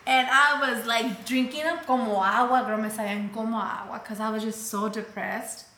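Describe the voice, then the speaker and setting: Woman storyteller, gravelly edge, casual and expressive, switches languages freely, roomy sound. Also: on the high side, normal speed. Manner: switches between English and Spanish mid-sentence; acts out quoted voices, turns emotional.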